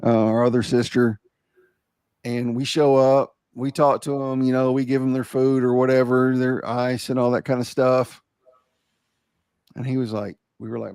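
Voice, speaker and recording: A man's voice: medium pitch, fairly even intonation, normal speed, a little mellow, no echo. Dry-sounding casual man host. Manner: casual, says "bro" and "dude", affirming interjections. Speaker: podcast host. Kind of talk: casual podcast chat.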